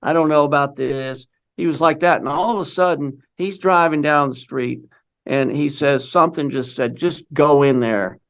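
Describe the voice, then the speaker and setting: Here a middle-aged guest recounts his own story casually and ramblingly, with frequent restarts and lines of dialogue quoted from others. He speaks at a normal speed in a fairly high, somewhat bright voice.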